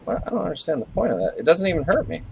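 A young man talks through a horror game as he plays it, jumpy and quick to swear. He scolds the creatures on screen. His voice is gravelly with fry and leaps up and down in pitch, with a faint hiss of noise behind it. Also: huge pitch swings. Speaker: let's play gamer. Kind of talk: live horror game commentary.

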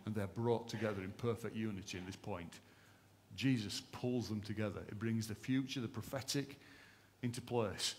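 A man's voice: fairly low pitch, normal speed, slight background noise. A man preaching a sermon in a church service, with impassioned, rhythmic repetition. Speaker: pastor.

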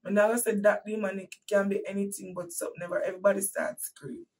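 A woman with a Jamaican accent and a husky voice preaching to her listeners as she tells a painful personal story with emphatic repetition, swinging from hushed to loud. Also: medium pitch, steady tone, quick pace, far from the mic, low-quality recording. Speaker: host and preacher.

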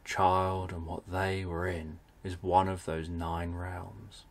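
A man narrating a bedtime story for adults, speaking in a soft, soothing way. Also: low voice, little pitch movement, slow, vocal fry, slight background noise.

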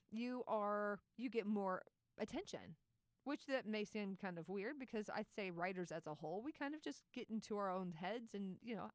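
A woman hosting a solo podcast as a writing teacher, talking in a chatty, animated way with frequent laughs and asides. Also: mid-range voice, no echo, studio quality. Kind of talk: casual solo podcast talk.

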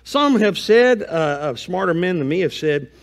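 A man's voice: high-pitched, expressive, normal speed, big-room sound. A male pastor giving a folksy, conversational sermon, mixing home stories with scripture reading. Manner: reads scripture aloud between comments. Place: church sanctuary.

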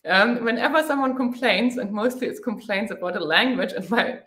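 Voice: mid-range voice, normal speed, pushed and bright, echoey room. A travel vlogger with a German accent, chatting through a live Q&A, thinking aloud and laughing readily. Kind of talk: live Q&A chat.

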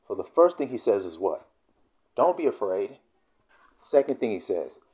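Animated man teaching scripture in slang. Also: on the low side. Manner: reads verses slowly, then explains in blunt profane slang. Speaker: Bible teacher. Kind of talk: casual scripture teaching video.

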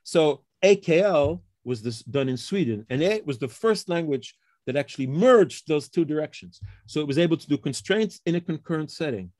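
Middle-aged prof guy, kinda high voice, dry close mic, keeps saying okay? while he tells his research story. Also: normal speed, no room sound. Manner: explains with frequent tag questions like okay and huh; animated storytelling, acts out quoted colleagues. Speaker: computer science professor, guest. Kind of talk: casual interview conversation.

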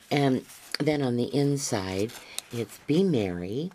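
A woman's voice: a bass voice, lively intonation, takes it slowly, a little mellow, slight background noise. A woman crafter showing handmade gifts to camera in a casual unboxing chat, gushing and rambling with many fillers.

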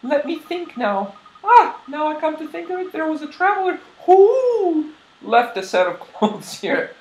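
Man putting on a hooting old owl granny, high and quavery, kindly, echoey room, game music. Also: sing-song, unhurried, exaggerated voice.

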